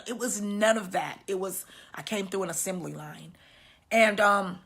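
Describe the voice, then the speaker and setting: Woman in her fifties, bright voice, emotional, halting, soft and low at times, personal testimony. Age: 50s. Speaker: women's healing teacher sharing her story.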